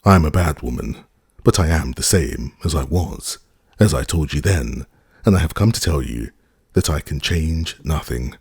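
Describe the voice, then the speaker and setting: A man's voice: a bass voice, lively intonation, normal speed, slightly rough, no echo, clean studio sound, full character voice. A man voicing a troubled, guilty young noblewoman in an audiobook, speaking timidly and earnestly. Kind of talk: audiobook character reading.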